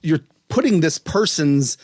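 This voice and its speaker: A man's voice: a little high, lively intonation, unhurried, darkish tone, husky, no room sound, studio quality. A man from West Virginia hosting a podcast, chatting casually and amusedly, spelling words out letter by letter. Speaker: podcast host. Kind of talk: casual chat.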